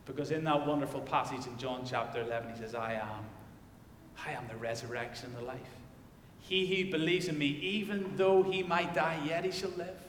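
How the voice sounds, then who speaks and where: A male pastor delivering a sermon and reading scripture, swinging from loud declarations to hushed emphasis. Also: a little high, brisk, slight background noise. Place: church. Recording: echoey church hall.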